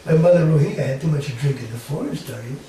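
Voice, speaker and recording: A man voicing a tipsy, bossy elder brother who talks pushily and quickly. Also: fairly high pitch, dark tone, a little hiss or hum, voice pushed down, close to an everyday voice. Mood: pushy. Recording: very echoey hall, distant mic.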